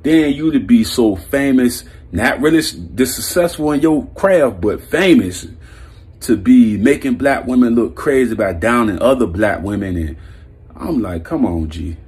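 A man's voice: medium pitch, expressive, measured pace, darkish tone, husky. A man giving a blunt, heated, profane sports opinion rant as a vlog host, breaking into laughs. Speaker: sports commentary vlogger.

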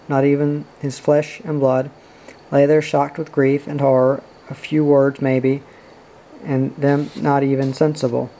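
A man reading a novel aloud as an audiobook narrator, in a steady and subdued way. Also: medium pitch, slight background noise, rough recording. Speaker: audiobook reader.

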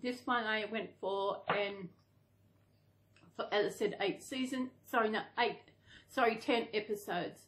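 A woman's voice: medium pitch, a little slow, noisy background. A middle-aged Australian woman chatting casually to camera, rambling and correcting herself as she goes. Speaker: doll collector vlogger.

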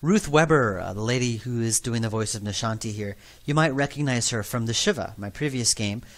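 A man's voice: mid-range voice, a little fast. A man giving a rambling, self-deprecating developer commentary for his own game. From New York.

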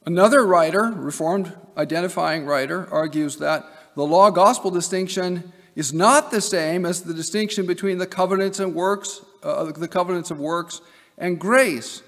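High, gravelly male lecturer in a hall. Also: moderate pace, a bit bright. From Nebraska, USA. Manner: emphatic, with wry asides. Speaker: seminary professor giving a lecture. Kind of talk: academic lecture. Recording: long hall reverb.

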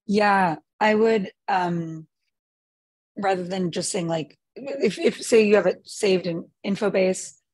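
A woman answering questions in a webinar as the guest expert, halting with many fillers and restarts. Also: mid-range voice, darkish tone, breathy edge, no room sound. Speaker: guest expert on prompt writing.

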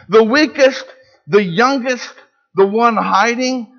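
A pastor giving a sermon in church, preaching with emphasis and asking the congregation rhetorical questions. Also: male voice, sits high, a little slow, fairly bright tone, lo-fi sound.

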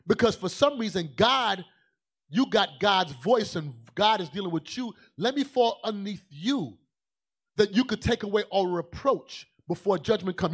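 High-voiced man preaching with fiery swings. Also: lively intonation, normal speed, husky. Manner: emphatic, colloquial preaching that swings from low asides to shouting. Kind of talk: sermon.

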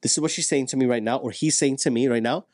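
A man speaking as a guest in a casual podcast conversation, animated and acting out quoted dialogue. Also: medium pitch, quick pace, dry recording, clean studio sound.

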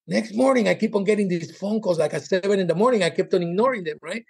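Male comedian guest, higher voice, animated raconteur, frequent laughter. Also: fast talker, creaky, few pauses, breathy edge. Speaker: comedian and former cruise director. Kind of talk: casual interview storytelling.

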